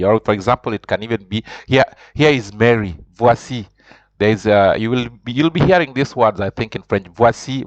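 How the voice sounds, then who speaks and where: A man's voice: medium pitch, no room sound. Hesitant man teaching beginner French. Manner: hesitant, many fillers and repeated words; slows down to repeat French words for practice. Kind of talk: informal language lesson, explaining and pronouncing. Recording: dull, lo-fi home recording.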